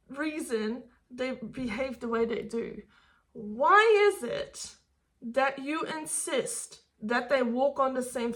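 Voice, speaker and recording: A woman's voice: high-pitched, sharp tone. A woman dog trainer giving blunt advice to camera, swearing and firing rhetorical questions.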